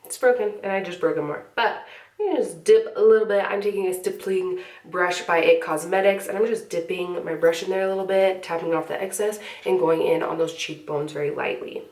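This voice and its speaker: In an echoey room, slightly off-mic with a distant microphone, a young woman talks briskly in a lowish voice. She's a beauty vlogger with a cold, sniffling as she chats through a makeup tutorial in a relaxed, filler-heavy way.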